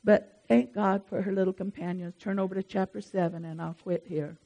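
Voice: medium pitch, brisk, highs cut off. Pastor, emphatic sermon delivery, speaks directly to the flock. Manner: lively, emphatic, talks straight to the congregation.

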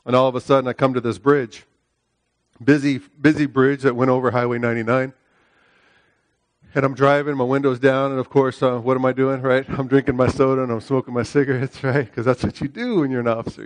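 A middle-aged male preacher delivering a sermon, leaning on repeated phrases and frequent "right?" checks. His voice moves between loud, high-pitched exhortation and hushed storytelling. The sound is dry and close, with no room echo. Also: fairly quick. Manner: emphatic, repeats phrases, asks "right?" often.

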